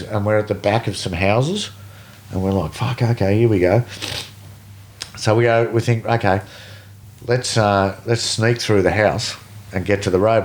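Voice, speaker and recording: A middle-aged man with an Australian accent tells a story as a guest, animated and swearing freely, acting out the other people's voices. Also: lowish voice. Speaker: guest, veteran BASE jumper. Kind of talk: casual storytelling.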